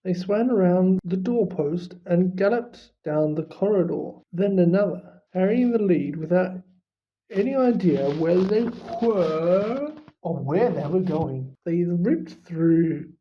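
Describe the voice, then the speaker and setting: A reader narrating a storybook in an unhurried, expressive way. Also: medium pitch, a little hiss or hum. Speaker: audiobook reader. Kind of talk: storybook reading. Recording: dull lo-fi recording.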